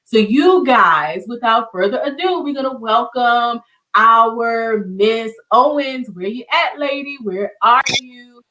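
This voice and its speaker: A woman's voice: a little high, lively intonation, slow pace, bright, forceful tone, poor audio. Effusive woman host on a video call. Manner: emotional, effusive, repeats words. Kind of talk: heartfelt online show hosting.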